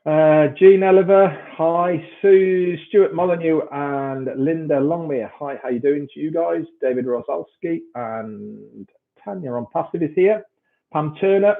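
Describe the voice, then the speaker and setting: Slow, gravelly man on a tinny stream. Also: a little high. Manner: reads out viewer names, stumbling over hard ones. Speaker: host greeting live viewers. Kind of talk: casual live-stream shout-outs. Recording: tinny phone-like stream audio.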